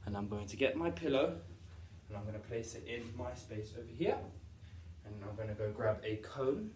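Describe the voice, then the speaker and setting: A man's voice: lowish voice, animated, moderate pace, a little mellow, slight background noise. A male PE teacher leading a home exercise lesson for young children, upbeat and encouraging as he demonstrates each move. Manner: upbeat, encouraging, demonstrating moves while talking. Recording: roomy echo, voice from a distance.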